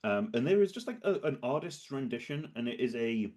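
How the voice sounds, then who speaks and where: A man's voice: mid-range voice, big pitch swings, fairly quick, a little mellow. A man running a tabletop game as game master, describing scenes in a hesitant, rambling way full of fillers and restarts.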